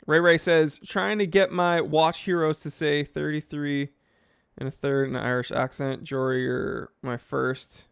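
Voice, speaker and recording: Male live-stream host, higher voice, rambling casual chat, dry close sound. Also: flat delivery, measured pace, creaky, clear, resonant tone, no room sound. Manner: rambling, offhand, reads comments aloud. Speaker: watch channel host reading live chat.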